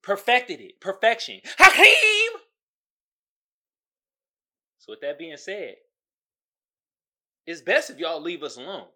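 A man's voice: a little high, sing-song, measured pace, long pauses, a bit bright. An American man hosting his own podcast, ranting in a mocking, profane way and laughing at his own jokes. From United States. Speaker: podcast host. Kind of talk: solo podcast rant.

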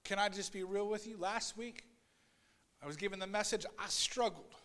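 A man preaching a sermon as pastor, swinging between loud, urgent passages and quiet asides, and voicing Bible figures in a raised voice. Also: high-pitched, moderate pace, in a large hall. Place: church sanctuary.

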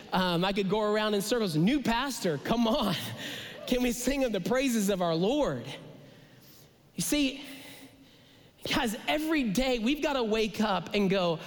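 A man preaching a sermon as pastor, passionate, swinging from bold declarations to hushed, whispered asides. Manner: impassioned preaching with dramatic pitch drops and whispered asides. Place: large church sanctuary. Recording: long hall reverb.

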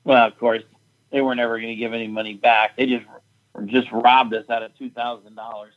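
A man's voice: mid-range voice, flat delivery, fairly quick, muffled recording. A man, a fight event promoter, telling a story in casual chat, blunt and profane as he recounts a quarrel.

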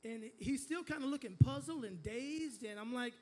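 A man's voice: very high-pitched, normal speed, a little mellow. A man preaching a sermon as pastor, telling a family story, stumbling into restarts and calling on the congregation to repeat after him. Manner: storytelling with call-and-response to the congregation; frequent stammered restarts.

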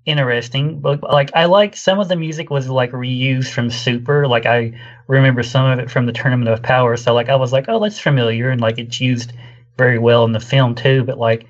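A man's voice: mid-range voice, steady tone, fairly quick, highs cut off. A man co-hosting a podcast, chatting about a film in an easygoing way. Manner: easygoing, laughs often. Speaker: podcast co-host. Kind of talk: casual film discussion.

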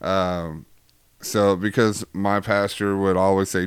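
A man's voice: low voice, little pitch movement, a little slow, clean tone, no room sound. A man hosting a casual faith chat who talks in a rambling, joking way with many fillers. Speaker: host.

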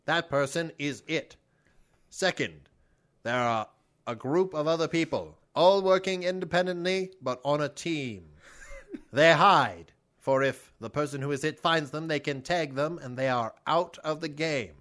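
A man's voice: on the high side, a little slow, a bit bright. A man voicing a pompous old-timey male explainer who declaims in a formal, stately way. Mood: grandiose.

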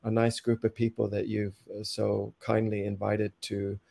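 A man's voice: fairly low pitch, completely flat delivery, normal speed, creaky, warm tone. A man, a poet, reading his rhyming verse in a rhythmic, accented delivery, then chatting casually as a podcast guest.

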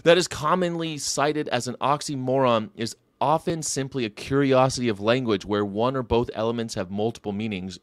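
A man hosting a casual livestream commentary, animated and swearing, with sudden loud outbursts. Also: mid-range voice, dry recording. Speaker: host.

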